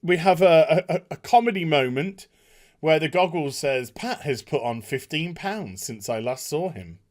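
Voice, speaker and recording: A man's voice: a little high, unhurried. A man giving a casual spoken review of a TV episode, acting out the characters' lines as he recaps. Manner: animated, acts out characters' lines while recapping. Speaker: TV show reviewer.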